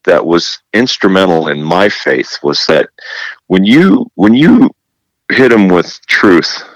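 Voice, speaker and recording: A man interviewed as a guest, telling animated stories and acting out the dialogue he quotes, often repeating himself and restarting. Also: deep voice, takes it slowly, no echo, lo-fi sound. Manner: animated storyteller who acts out quoted dialogue. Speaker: guest, television presenter. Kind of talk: casual faith interview.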